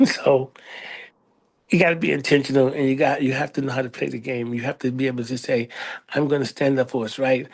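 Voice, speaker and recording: A middle-aged American man telling a story in a casual interview, animated, acting out other people in a raised voice. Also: mid-range voice, breathy edge. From United States. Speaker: librarian, interview guest.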